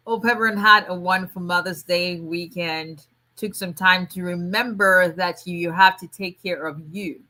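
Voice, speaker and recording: A middle-aged woman hosts a casual livestream, greeting viewers warmly by name and chatting with frequent restarts and fillers. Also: fairly low pitch, steady tone, normal speed. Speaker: immigration attorney hosting a livestream.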